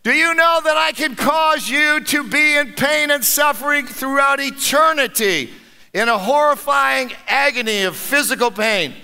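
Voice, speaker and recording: A looming, menacing devil, as a preacher acts him out, voice pushed high and sharp. He hurls threats and grows perturbed. The sound rings in a reverberant church. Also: unhurried, exaggerated voice. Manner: loud, threatening, increasingly perturbed. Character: menacing male devil, the ultimate enemy.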